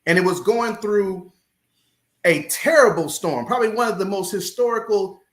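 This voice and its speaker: Male pastor guest, fervent preacherly delivery, high voice, echoey room. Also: lively intonation, normal speed. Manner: preacherly, building passion, repeats key phrases. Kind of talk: preaching in a podcast interview.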